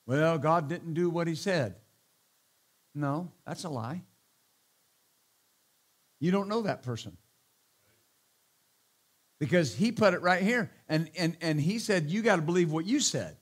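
A man's voice: a little high, animated, a little slow, pauses often. A middle-aged male pastor preaching a sermon, emphatic, often calling out hallelujah and amen, with joking asides to the congregation.

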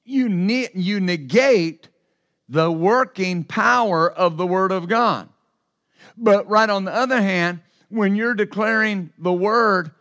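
A man's voice: sits high, takes it slowly, fairly bright tone. A man preaching a sermon as pastor, emphatic and repetitive, with asides to the congregation.

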